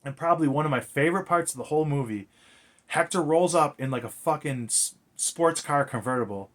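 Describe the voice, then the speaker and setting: A man's voice: fairly high pitch, brisk, a bit bright. A man recapping a film in a casual, rambling way, swearing freely and leaning on fillers. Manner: rambling, profane, filler-heavy. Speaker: movie reviewer.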